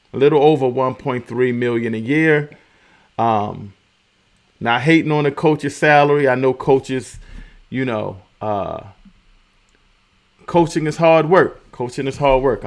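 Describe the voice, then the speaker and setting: A man hosting his own commentary show, talking casually and repeating key phrases for emphasis. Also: medium pitch. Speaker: host of a commentary channel.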